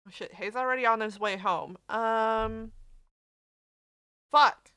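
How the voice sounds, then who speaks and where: A woman's voice: on the high side, slow, bright, forceful tone, clear, resonant tone. A woman streaming a game, chatting casually with her viewers and swearing freely. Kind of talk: casual live-stream chat.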